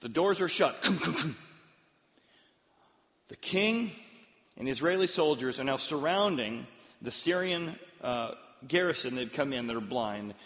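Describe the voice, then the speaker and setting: A male pastor telling a story in a sermon, with an animated, dramatic delivery. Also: medium pitch, normal speed. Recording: dull, long-reverb hall sound.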